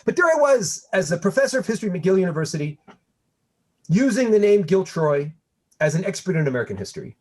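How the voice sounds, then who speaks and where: A man in his fifties from Montreal, a guest historian speaking in a conversational lecture with an animated, wry storytelling manner over a video call. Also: high voice, quick pace.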